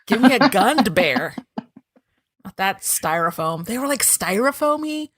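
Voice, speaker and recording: A chatty woman hosting a podcast, her voice bright and lively as it rises and falls. She laughs often, and the sound is dry and close, with no room in it. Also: medium pitch, unhurried, no room sound. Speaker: podcast host. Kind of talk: casual podcast chat.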